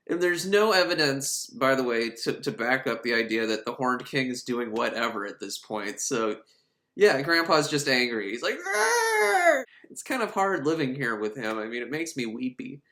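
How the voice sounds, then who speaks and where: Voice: medium pitch, a bit bright, echoey room. A film reviewer recapping a movie in a casual, sarcastic, comedic way, often laughing.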